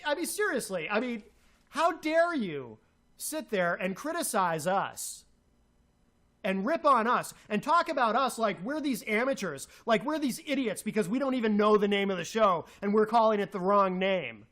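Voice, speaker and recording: A man's voice: high voice, lively intonation, fairly quick, hardly any pauses, a bit bright. A man co-hosting a talk show, ranting in a heated voice, repeating himself and hurling insults. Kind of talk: angry radio rant.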